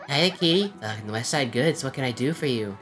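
A man's voice: medium pitch, animated, fairly quick, a bit bright, faint music behind, voice pushed up, close to an everyday voice. A man voicing a sweet, flirty female ghost shopkeeper in a game, with a lilting, friendly voice.

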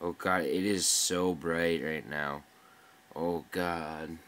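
A young man talks his way through a flight combat match in a low, unhurried voice. He grumbles and swears at lag and enemy planes, muttering half to himself. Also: fairly even intonation, a bit bright, smooth. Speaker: gameplay commentator. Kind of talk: live gameplay commentary.

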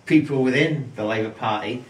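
A man co-hosting a casual political chat, rambling and ironic with many pauses. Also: medium pitch. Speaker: podcast co-host. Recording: echoey room, distant mic.

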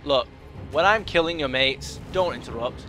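A man's voice: a little high, moderate pace, music in the background. A young man talking through a video game, chatting to the enemies and muttering asides. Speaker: gaming YouTuber. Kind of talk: let's play commentary.

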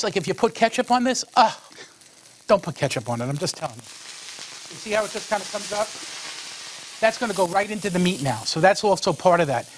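Fast-talking, high-voiced New man. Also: slight background noise. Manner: enthusiastic, folksy, talks while cooking. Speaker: cooking show host, a monsignor. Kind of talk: chatty cooking demonstration.

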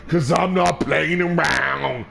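A man's voice: fairly high pitch, slow, creaky, a bit bright, a little hiss or hum. A man trash-talking and taunting through a let's play, cursing and repeating short phrases over and over. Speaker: gamer.

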